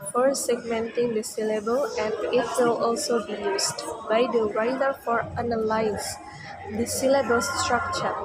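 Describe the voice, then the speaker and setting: A young woman from Indonesia, a university student giving a class presentation, reading slowly with halting restarts. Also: a little high. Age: young adult. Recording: loud crowd noise behind.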